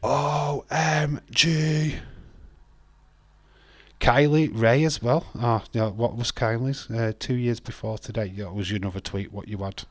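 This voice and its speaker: A young Yorkshire man hosting a live wrestling watch-along, chatting loosely and swearing without a second thought. His voice sits a little low and comes through a close mic with a dry, dead sound. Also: normal speed, hardly any pauses, darkish tone, no echo. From West Yorkshire, England. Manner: chatty, swears freely, laughs often, addresses chat by name.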